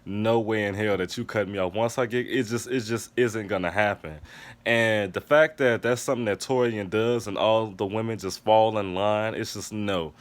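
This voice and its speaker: A man's voice: on the low side, moderate pace. A man giving a casual TV episode review, ranting emphatically with a lot of profanity. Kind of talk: casual recap and review monologue.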